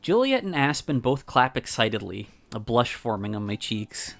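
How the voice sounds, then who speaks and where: A man reading a visual novel aloud on a stream, narrating calmly in the first person. His voice sits in an ordinary middle range. Soft music plays faintly underneath. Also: medium pitch, moderate pace, vocal fry.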